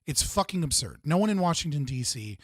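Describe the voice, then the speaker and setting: A young adult man hosting a casual political livestream, his voice sitting a bit high for a man. He talks fast and animated, cussing often, on a dry, close-sounding mic. He comes through as if on a video call. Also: dry recording. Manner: animated storyteller, swears freely, does excited voices in anecdotes. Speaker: livestream host.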